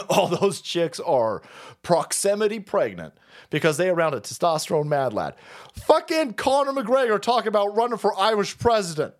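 A man hosting a livestream, ranting crudely about politics and reacting to chat, cursing freely, laughing often and breaking into sudden shouts. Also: sits high, sing-song, normal speed. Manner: foul-mouthed, rowdy, laughs and shouts often. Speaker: livestream host.

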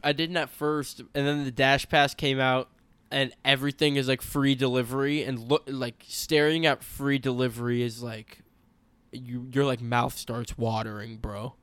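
A young man trading stories on a casual podcast, blunt and full of swearing. His voice is smooth and resonant. The sound is dry and close, with no room around it. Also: medium pitch, little pitch movement, normal speed, a bit bright, no room sound. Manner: blunt, profane and emphatic. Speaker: podcast co-host. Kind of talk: casual chat.

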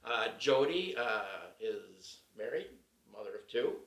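A man's voice: medium pitch, very animated, a little slow, a bit bright, echoey room, distant mic. A man hosting a faith podcast from his living room, chatting casually and bantering with a playful laugh. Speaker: podcast host. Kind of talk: casual chat.

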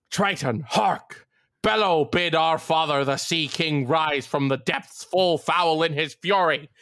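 A woman's voice: sits low, fairly bright tone, no room sound, studio quality, pitched above the performer's own voice, exaggerated voice. A woman voicing a ranting, wrathful old male sea captain in a theatrical salty dialect. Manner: slow, drawn-out curse delivery.

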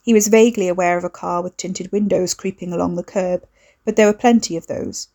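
A woman narrating a novel in an even, measured storytelling voice. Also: lowish voice. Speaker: audiobook narrator. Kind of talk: scripted narration.

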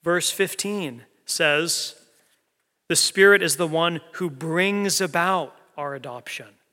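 A man preaching a sermon as pastor, earnest, building to emphatic peaks and then dropping soft and low. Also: takes it slowly. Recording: long hall reverb.

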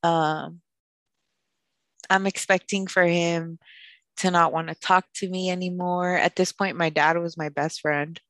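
A woman's voice: on the low side, steady tone, a little slow, fairly bright tone, no echo. A woman, co-hosting a podcast and telling a painful personal story with candid emotion, slipping phrases into her English. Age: late 20s. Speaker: podcast co-host.

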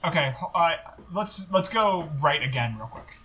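A man's voice: fairly high pitch, animated, moderate pace, bright, forceful tone, slight background noise. A man playing a tabletop game, talking casually and hesitantly as he thinks aloud. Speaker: player.

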